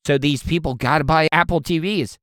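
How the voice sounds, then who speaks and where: Man puts on a keen, scheming male office techie; smooth, dry. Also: on the high side, brisk, a bit bright, no echo, natural voice. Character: male tech employee eagerly pitching a scheme.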